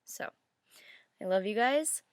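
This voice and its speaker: A woman's voice: mid-range voice, lively intonation, takes it slowly, smooth, no echo, clean studio sound. A woman talking to camera in a casual reaction vlog, candid and rambling, swearing freely. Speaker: YouTube reactor.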